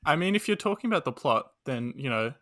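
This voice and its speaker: A teenage boy hosting a podcast, relaxed and jokey. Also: on the high side, fast talker. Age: teens. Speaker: podcast co-host.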